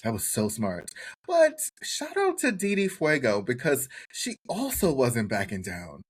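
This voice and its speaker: A man co-hosting a casual chat podcast, his pitch leaping up and down as he jokes around. His voice has a husky, slightly raspy edge, and he keeps the talk loose and animated. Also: unhurried. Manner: animated, jokey, does exaggerated voices for quoted people. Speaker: podcast co-host. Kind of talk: casual chat reviewing a TV show.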